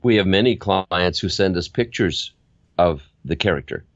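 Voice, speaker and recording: An older man talks with a deep, low voice in a casual interview. He keeps telling stories and slips into little acted examples. The sound is dry and a bit dull, like a lo-fi recording. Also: normal speed, no echo. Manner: animated storyteller, acts out examples. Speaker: guest, voiceover veteran.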